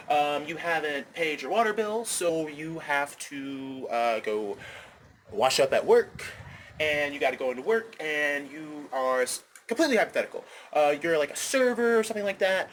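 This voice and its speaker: Male vlogger, slightly high voice, rambling and profane, on a phone outdoors with faint noise behind. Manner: rambling, animated, profane, repeats himself. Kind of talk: casual ranting monologue. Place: outdoors, windy.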